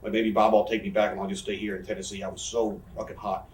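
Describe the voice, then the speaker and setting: A man in his thirties, a professional wrestler, speaks fast in a lowish voice with little pitch movement, and there's a bit of hiss or hum. As an interview guest he tells rambling, profane, self-mocking stories, recorded in a roomy room from a distant mic.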